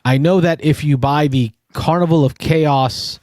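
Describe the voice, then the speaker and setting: A man's voice: a little high, fairly even intonation, unhurried, a little mellow, dry recording, clean studio sound. A man co-hosting a board game call-in show, giving a detailed and enthusiastic review in casual chat. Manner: enthusiastic, explains in detail with self-corrections.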